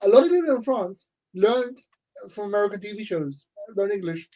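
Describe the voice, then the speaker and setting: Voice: mid-range voice, lively intonation, fairly quick, dark tone. A speaker in casual chat on a geek podcast, chiming in with short remarks and bringing up new topics.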